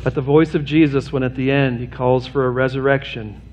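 A man's voice: steady tone, fairly quick, darkish tone, muffled recording, a little hiss or hum. A man preaching a sermon as pastor to his congregation, earnest and direct, mixing plain humor with a rising, urgent appeal. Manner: earnest, rises in pitch and intensity toward an urgent appeal. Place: church sanctuary.

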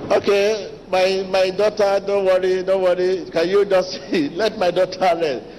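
A man preaching a sermon as pastor, talking to the congregation directly, animated and repetitive. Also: high-pitched, normal speed, a little hiss or hum. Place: large church hall. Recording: long church reverb with faint ambience.

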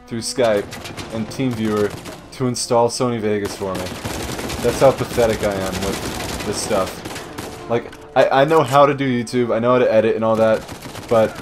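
A man giving casual, joking commentary while playing a shooter game, swearing often and yelling at enemies. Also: mid-range voice. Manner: jokey, swears a lot, shouts at enemies. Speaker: gamer doing a let's play. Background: faint game music and gunfire.

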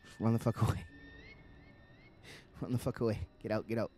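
A man's voice: on the low side, fairly even intonation, measured pace, mellow, slight background noise. A man giving casual, profane live commentary while playing a video game, chatting to himself and to the game. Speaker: streamer.

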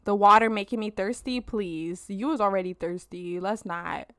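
A woman hosting a let's play, giving animated, casual gameplay commentary straight to her viewers and swearing freely. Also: medium pitch, moderate pace, no room sound, clean studio sound.

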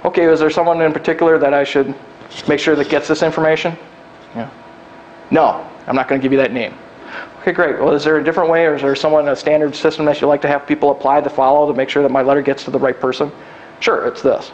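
A man's voice: a little high, little pitch movement, quick pace, dull audio, a little hiss or hum. A man who works as a recruiter, giving job search advice to an audience in a down-to-earth, joking way, acting out quoted lines. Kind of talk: presentation to an audience.

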